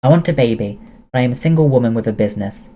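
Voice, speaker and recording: A man's voice: medium pitch, racing, close to an everyday voice. A man reading aloud, voicing a brash, oversharing French woman who runs a café, with a French accent. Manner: loud, teasing, dramatic.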